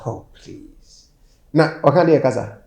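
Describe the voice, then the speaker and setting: A man's voice: medium pitch, lively intonation, brisk, darkish tone, natural voice. A man with a Ghanaian accent playing a complaining, argumentative man in a film drama. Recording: echoey room with faint music.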